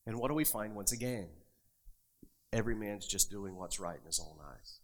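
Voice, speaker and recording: A man's voice: lowish voice, animated, normal speed. A man preaching a sermon, reading scripture aloud and pressing his points with rising emphasis. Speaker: pastor.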